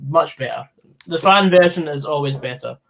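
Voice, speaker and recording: A man's voice: on the high side, moderate pace, creaky, crowd noise. A man hosting a live football stream, chatting casually with co-hosts and reading out viewer comments, with plenty of fillers.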